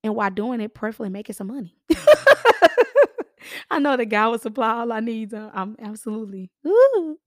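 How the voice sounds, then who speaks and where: A hoarse woman in her thirties with a raspy voice, hosting a casual podcast and chatting to listeners as y'all. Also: a little high, steady tone, fast talker, hardly any pauses, dry recording, studio quality. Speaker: podcast host, realtor.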